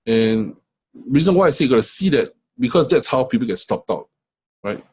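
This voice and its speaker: A man's voice: mid-range voice, expressive, brisk, a little mellow, husky, rough recording. A middle-aged man walking through trading charts in a casual lesson, checking in often with "right?". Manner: conversational, many fillers and "right?" checks. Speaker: forex trading coach. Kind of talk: screen-share trading lesson.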